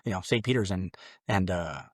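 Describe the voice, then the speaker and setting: A man's voice: normal speed, dry recording, clean studio sound. Rambling, earnest man from Mexico. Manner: rambling, earnest storytelling with many restarts and fillers; acts out his own past exclamations in a louder, higher voice. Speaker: podcast guest. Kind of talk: personal conversion testimony in conversation.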